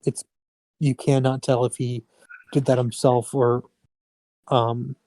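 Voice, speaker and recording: Male game master, casual narration, mellow and dry. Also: medium pitch, flat delivery, takes it slowly, no room sound. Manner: casual, restarts mid-phrase.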